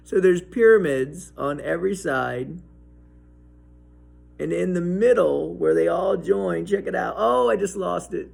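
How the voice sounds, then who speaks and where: A man hosting a casual science demonstration and pep talk, excitable and enthusiastic, often breaking into laughs. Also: sits high, measured pace, gravelly, long pauses. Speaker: science video host.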